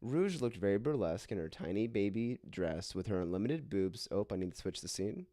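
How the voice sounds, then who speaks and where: A man's voice: fairly low pitch, lively intonation, brisk, dark tone, dry recording, studio quality. A man reading an absurd fan fiction aloud for laughs, hamming up the quoted lines and often cracking up. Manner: hammy voices for quoted lines, breaks into laughter. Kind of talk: comedic dramatic reading.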